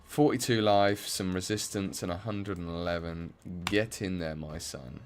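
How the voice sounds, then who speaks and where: A man's voice: deep voice, steady tone, normal speed. A young English man from the Midlands chatting casually and rambling with many fillers while he plays a game on stream. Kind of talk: casual chat while playing.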